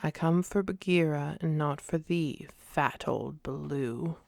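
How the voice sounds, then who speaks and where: A woman voicing a cheeky, proud young male man-cub in a whispered role-play, with a raised, higher voice. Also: slow pace, creaky, darkish tone, a little hiss or hum, exaggerated voice. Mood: sullen. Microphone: close studio mic, dry.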